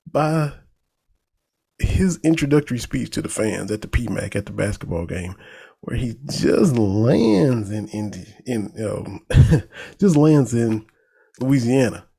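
Man, Eastern Kentucky accent, folksy sports talk host, gravelly, mellow dark tone. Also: mid-range voice. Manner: folksy, animated, laughs at his own jokes. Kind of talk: casual sports commentary.

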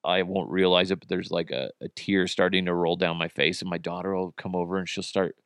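A man hosting his own podcast, rambling and joking with sudden high-pitched bursts. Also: steady tone, fairly quick, fairly bright tone, smooth, no room sound, studio quality. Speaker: podcast host. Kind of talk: casual solo podcast chat. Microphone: camera and studio mic.

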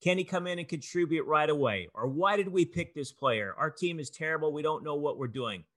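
Man interviewer, slightly high voice. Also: animated, brisk, a bit bright. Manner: conversational, asks short questions. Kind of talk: casual interview.

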